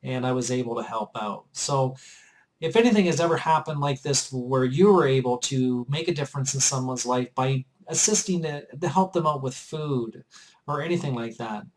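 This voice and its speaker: A man's voice: mid-range voice, moderate pace, low-quality recording. A man vlogging, earnestly telling a personal story in a chatty, repetitive way. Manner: earnest and chatty, often repeats himself. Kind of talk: casual storytelling to camera.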